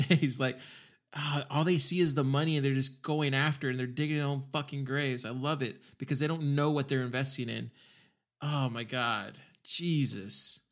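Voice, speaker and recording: A man's voice: medium pitch, fairly bright tone. Man ranting with heavy swearing. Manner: heated, swearing, sarcastic. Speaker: podcast host. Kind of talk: profane ranting commentary.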